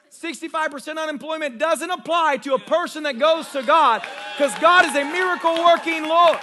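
A man preaching with a very high, bright, forceful voice, telling his stories with excited energy. He restarts phrases as the excitement runs ahead of him, and speaks as a pastor addressing his congregation in a church service. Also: a faint crowd, a little hiss or hum. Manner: excitable, animated storyteller with fast restarts. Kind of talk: sermon testimony storytelling.

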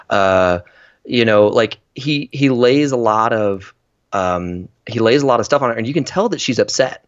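A man's voice: medium pitch, moderate pace, no echo, dull audio. A man chatting casually about a movie, rambling with lots of ums and restarts. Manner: rambling, many fillers and restarts. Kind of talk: casual film discussion.

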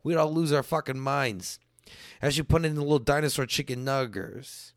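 A man around thirty doing a profane stand-up style rant, swinging between loud bursts and low mutters. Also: moderate pace, dry recording, studio quality. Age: late 20s to early 30s. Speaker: comedian.

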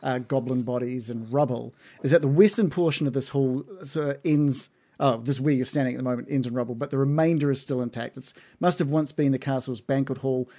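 A man's voice: mid-range voice, warm tone. A man narrating a tabletop fantasy game as game master, rambling with lots of fillers.

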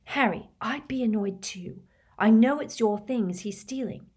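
An anxious teenage girl pleads urgently in a high, bright voice, as a woman puts her on. She sounds bossy and worried. It comes across as a storybook reading. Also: a little slow, breathy edge.

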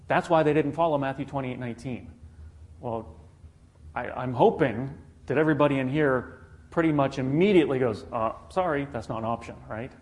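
A man preaching a sermon, earnest, putting rhetorical questions to the congregation. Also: mid-range voice.

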